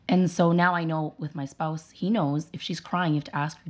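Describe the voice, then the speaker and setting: A woman's voice: low-pitched, fairly even intonation, brisk, hardly any pauses. A woman in an interview conversation, telling parenting stories in an earnest, emphatic way. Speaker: guest, parent sharing her views.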